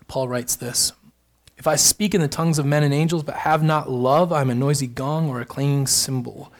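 A married man preaching a sermon, emphatic and building to fervent repeated phrases. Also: fairly high pitch. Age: adult, married. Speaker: pastor.

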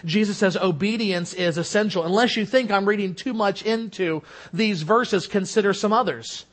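A man preaching a sermon in an earnest way, rising for emphasis and dropping to soft, low endings. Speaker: pastor.

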